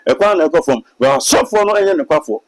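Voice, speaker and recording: A man's voice: high-pitched, sing-song, fast talker, creaky, rough recording. A Ghanaian man, a pastor and prophet, speaks emphatically in a sermon-like way during an interview, with a Ghanaian accent. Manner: emphatic, sermon-like, mixing in English phrases. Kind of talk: preaching in an interview.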